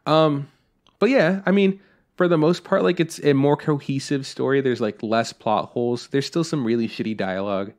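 A young man co-hosting a podcast, telling a story in a casual, animated way, swearing and acting out what people said. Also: mid-range voice, moderate pace. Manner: animated, swears a lot, acts out quotes. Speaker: podcast co-host.

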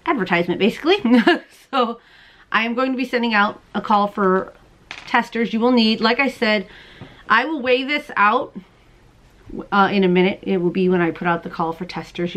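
A woman in her thirties hosting a crochet and knitting podcast, chatting casually to camera at home, bubbly and quick to laugh. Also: medium pitch, a bit bright. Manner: chatty, bubbly, laughs often, talks to viewers as "you guys". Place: at home, indoors.

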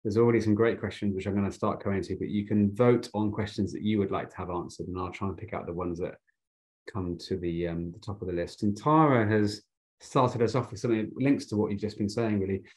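Calm, low-voiced male moderator. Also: a little fast. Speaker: host, event moderator.

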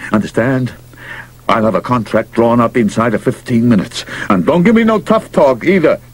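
A man voicing a brash, loud-mouthed baseball manager who talks gruff tough-guy slang and shouts orders. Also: medium pitch, unhurried, voice pushed up. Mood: pushy, scheming. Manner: pushy, excitable, barks and shouts.

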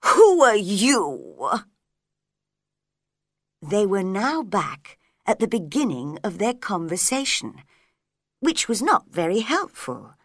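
A woman reading a story aloud for English learners, clear and careful. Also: medium pitch, sing-song, measured pace, dry recording, clean studio sound.

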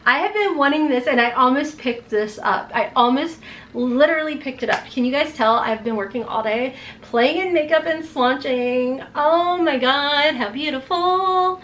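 A woman in her forties unboxing beauty products in a vlog, gushing and gasping with excitement. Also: high voice, a little hiss or hum. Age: 40s. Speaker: beauty vlogger.

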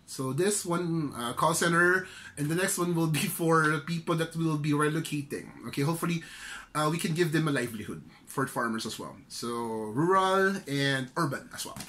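Bright-voiced Filipino man teaching casually. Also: fairly high pitch, normal speed. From Philippines. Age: middle-aged. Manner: loose and chatty, frequent "okay?" check-ins. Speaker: career trainer. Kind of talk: casual instructional vlog.

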